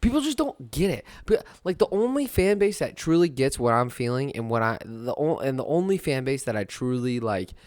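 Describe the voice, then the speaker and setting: A man's voice: medium pitch, very animated, brisk, few pauses, darkish tone, no room sound, clean studio sound. A young adult man hosting a casual sports talk monologue, rambling and rueful, laughing at his own misery. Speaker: podcast host.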